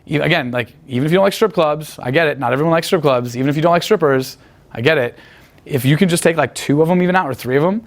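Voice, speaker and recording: Talking fast in a slightly high voice, a man shares profanity-laden, crude and boastful stories about picking up women. He rambles through them as a guest in a casual interview.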